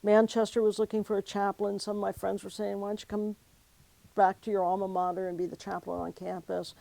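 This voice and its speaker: A woman with a gravelly, mid-range voice tells her own life story in an oral history interview. She speaks reflectively and with feeling, often acting out past conversations as she recalls them. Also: mid-range voice, level tone, fairly quick, mellow, dry recording, poor audio. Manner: reflective, emotional, quotes conversations. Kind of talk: personal storytelling.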